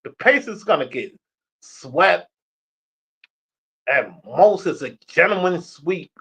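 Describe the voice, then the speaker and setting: A man's voice: a little high, animated, slow pace, a bit bright, breathy edge. A young man ranting about basketball in a casual stream, profane and trash-talking. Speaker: sports streamer. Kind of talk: casual sports rant. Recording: dull lo-fi stream audio.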